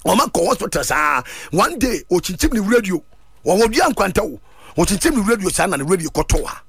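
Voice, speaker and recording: A man delivers a fervent sermon in a high, swooping voice that leaps up and down. His tone is raspy and gravelly, and he mixes Twi and English as he calls out to his listeners. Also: big pitch swings, fairly quick, dry recording. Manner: fervent, mixing Twi and English, shouting at peaks. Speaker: preacher.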